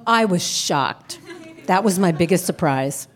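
A woman's voice: fairly low pitch, expressive, a little slow. A woman telling a story in an interview with a wry, dry manner. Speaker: podcast host guest.

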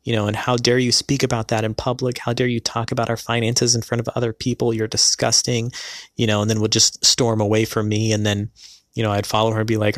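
A man telling a personal story in a hesitant, earnest way, pausing often with filler sounds. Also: lowish voice, completely flat delivery, no echo. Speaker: person recounting a past marriage.

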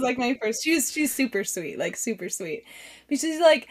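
A woman speaks as a guest on a podcast recorded over a remote call. Her voice sits a little high, and she talks in an animated, giggly way with many fillers. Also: a little fast. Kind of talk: casual conversation.

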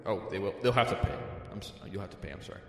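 A man's voice: low-pitched, rapid-fire, vocal fry. A man signing off a comedy show in a wavering, mock-sincere way. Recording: echoey room with long reverb.

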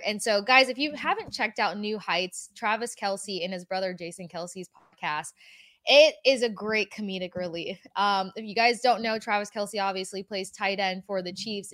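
A woman co-hosting a sports podcast, talking in an expressive, easygoing way. Her voice sits at a middling pitch and sounds dry and close, with no room echo. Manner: expressive, laughs easily, tells anecdotes. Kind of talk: casual sports chat.

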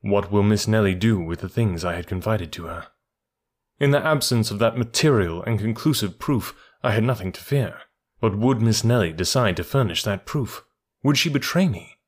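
Male audiobook narrator, measured. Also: on the low side. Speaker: audiobook reader. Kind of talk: scripted first-person narration.

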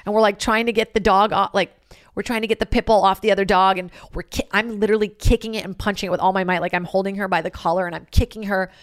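A woman's voice: mid-range voice, fast talker, dry recording, studio quality. Chatty, profane woman podcast host. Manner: animated, profane, filler-heavy with lots of "like". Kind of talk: casual comedic storytelling.

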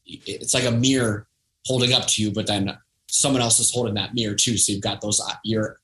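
Bright-voiced reflective man. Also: lowish voice, steady tone, brisk, a little hiss or hum, poor audio. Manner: reflective, storytelling, acts out quoted voices. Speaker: podcast guest. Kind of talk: casual conversation.

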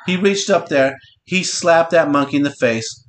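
A man's voice: on the high side, moderate pace, slight background noise. A middle-aged man hosting a podcast and telling a long story in a casual, profane, teasing way. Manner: profane, teasing, talks to his listener directly. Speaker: podcast host.

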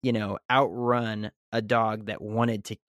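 A man's voice: on the low side, flat delivery, measured pace, fairly bright tone, no room sound, studio quality. Easygoing American guy, meandering filler-heavy talk. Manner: rambling, filler-heavy, laughing often. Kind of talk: casual podcast chat.

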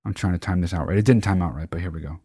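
A man hosting a casual monologue to his viewers, telling a story in a profane, excitable way with sudden loud outbursts. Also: sits low, very fast, husky, dry recording. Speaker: channel host.

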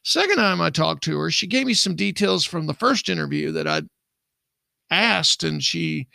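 A man's voice: fairly high pitch, wildly swooping pitch, normal speed, creaky, pushed and bright, no echo, clean studio sound. A middle-aged man, a podcast co-host and former investigator, telling a true-crime story in a rambling way and acting out the dialogue. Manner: rambling, acts out quoted dialogue.

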